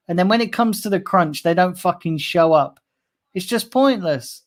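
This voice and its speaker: Running a fan livestream, a man with a high-pitched voice and a moderate pace reads chat messages aloud. His rant is angry, full of profanity, and keeps circling back on itself.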